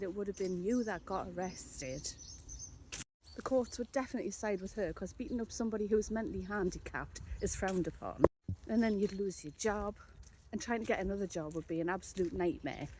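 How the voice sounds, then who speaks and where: A woman's voice: mid-range voice, dark tone, slight background noise. Sweary Geordie woman telling a story. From North East England. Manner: blunt, sweary, sardonic storytelling. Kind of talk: casual storytelling monologue.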